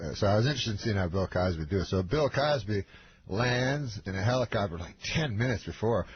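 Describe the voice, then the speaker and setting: A man, a comedian guest, telling a meandering anecdote on a radio show in a deadpan way, stumbling over fillers. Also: lowish voice, a little fast. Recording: lo-fi radio recording with hiss.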